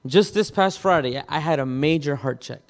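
Halting man telling a sermon story. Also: a little high. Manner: storytelling, halting with repeated words. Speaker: pastor. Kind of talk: sermon testimony.

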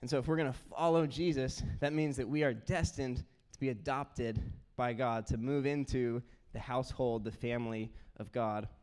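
Young pastor, animated and smooth-voiced. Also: male voice, medium pitch, normal speed, few pauses. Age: young adult. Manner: animated storyteller, acts out kids' voices. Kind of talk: sermon with personal stories.

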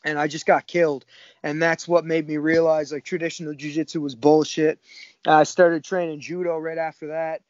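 A man's voice: a little high, flat delivery, moderate pace, dry recording, dull audio. A man in his thirties from Cape Breton, a jiu-jitsu coach talking in laid-back casual chat and swearing often. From Cape Breton, Canada. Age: 30s.

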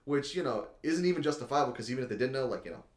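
A man chatting casually as a podcast host, rambling and excitable, leaning on "like" and swearing a lot. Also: medium pitch, rapid-fire. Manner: rambling and excitable, heavy use of "like", swears often. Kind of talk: casual chat recapping an anime episode. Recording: echoey room.

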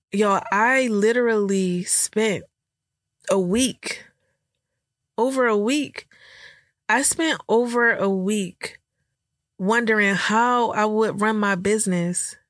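A woman's voice: mid-range voice, slow pace, pauses often, no room sound, clean studio sound. A young woman hosting a candid podcast, telling a personal story while choked up and tearful, with lots of rambling fillers. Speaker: podcast host.

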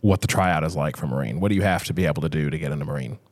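A man's voice: rumbling low, very fast. A man co-hosting a casual interview, teasing the guest playfully. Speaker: podcast co-host.

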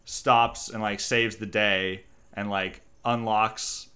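A man co-hosting a casual group chat, talking in an animated, playful way. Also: on the low side, slow pace. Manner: animated, playful, leads the bits.

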